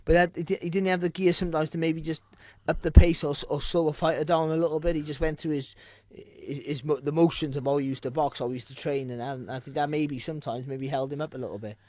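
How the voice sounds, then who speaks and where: A man, a former boxer, chatting easily as a podcast guest with halting restarts. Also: a little high, fairly even intonation, a little mellow, no room sound. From Wales. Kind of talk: casual chat.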